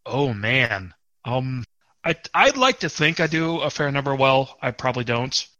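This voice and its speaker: A man hosting a podcast in casual, chatty conversation, self-deprecating and relaxed, on a close mic. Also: medium pitch, unhurried, dry recording, poor audio. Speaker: podcast host.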